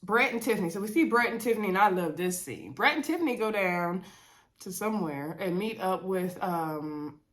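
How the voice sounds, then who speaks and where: A woman's voice: mid-range voice, normal speed. Woman with a stuffy head, casual vlog recap, laid-back, chatty, says "y'all" a lot. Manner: relaxed Southern-leaning casual talk with fillers and "y'all". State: congested from a cold. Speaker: reality TV recap vlogger.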